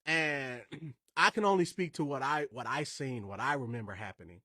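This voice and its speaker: A man's voice: mid-range voice, moderate pace, pushed and bright, no echo. Emphatic male podcast host, dry close mic. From Indiana, USA. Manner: emphatic, conversational, wandering asides. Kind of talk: casual podcast storytelling.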